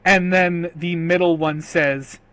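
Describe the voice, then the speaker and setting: A man narrating as game master in a tabletop game, measured and sometimes hesitant. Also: on the high side, fairly even intonation, bright, forceful tone, clean tone. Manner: slow, measured narration with fillers.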